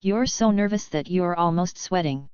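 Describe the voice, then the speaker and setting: A man's voice: high-pitched, normal speed, a little mellow, clear, resonant tone, no room sound, lightly acted. A woman voicing a sly young man who teases and threatens with a smile, in a dull lo-fi audiobook recording. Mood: teasing. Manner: teasing, smiling threats.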